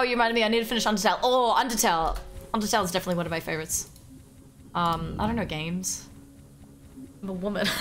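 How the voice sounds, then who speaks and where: A young Australian woman streaming a game live, excitable and quick to swear and laugh as she chats with her viewers. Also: on the high side. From Melbourne, Australia. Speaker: livestreamer. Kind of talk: casual live game commentary.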